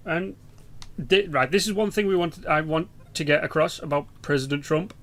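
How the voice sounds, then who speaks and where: A man's voice: a little high, normal speed, fairly bright tone. A young man with an English accent, rambling and swearing through casual game commentary. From England. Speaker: gaming YouTuber.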